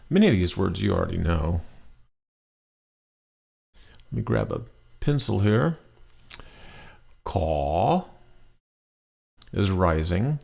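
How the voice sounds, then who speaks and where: Male language teacher, deep and gravelly, patient, stretches out example phrases. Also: a little mellow. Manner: slow, patient explaining with drawn-out demonstration phrases. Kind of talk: recorded language lesson.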